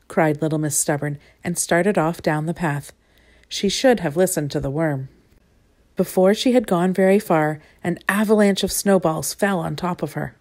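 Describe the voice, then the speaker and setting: A woman reads a children's picture book aloud in a fairly low voice. She turns to her young listeners with playful asides and lively expression. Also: normal speed. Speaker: storybook reader.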